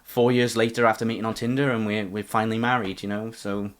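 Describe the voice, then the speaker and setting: A man's voice: lowish voice, flat delivery, fast talker. A man from England hosting a podcast and streaming, talking casually with lots of restarts and fillers. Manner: rambling, many restarts and fillers. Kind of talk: casual chat.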